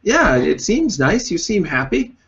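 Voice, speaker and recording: A man's voice: sits high, sing-song, a little slow, a bit bright, husky, highs cut off. A man hosting an interview, asking curious, playful questions in a casual chat. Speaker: podcast host.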